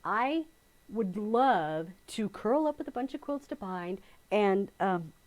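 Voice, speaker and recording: A woman's voice: mid-range voice, animated, slow pace, darkish tone. A middle-aged woman teaching quilting, chatting casually on a live stream, telling stories with frequent laughter and reading out viewer comments. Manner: chatty storyteller, laughs often, reads out comments.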